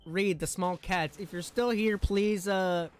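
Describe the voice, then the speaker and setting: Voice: mid-range voice, steady tone, unhurried. A game streamer chatting casually on a live stream, rambling, giggling and tripping over words.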